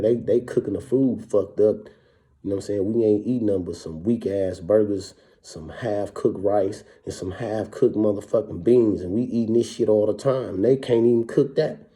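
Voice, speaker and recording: A man's voice: fairly low pitch, moderate pace, mellow. A man from Wisconsin, a former prisoner, telling his story in casual, profane street talk and keeps asking "you know what I'm saying".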